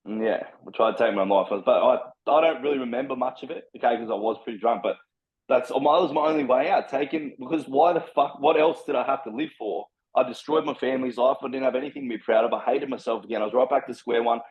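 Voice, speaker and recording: A man from Brisbane, Australia, speaking fast at medium pitch, tells his life story as a podcast guest in a rambling, frank, heavily profane way. It's candid personal storytelling, and the audio is dull.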